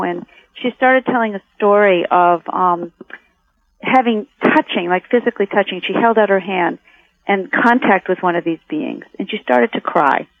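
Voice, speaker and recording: A woman who makes documentaries talks through her reasons in a thoughtful way, often restarting her sentences. Her voice comes over a tinny phone line with no room sound at all. Her pitch sits in the middle of the usual range. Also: creaky, no room sound. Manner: reflective, with many restarts. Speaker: documentary filmmaker, guest. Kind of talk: interview answers. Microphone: telephone.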